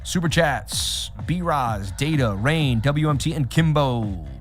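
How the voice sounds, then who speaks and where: A man hosting a live trading stream, talking straight to his chat in an animated, repetitive way. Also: medium pitch, slow, soft background music. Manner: animated, repeats himself, talks straight to chat. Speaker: livestream host. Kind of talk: casual livestream chat.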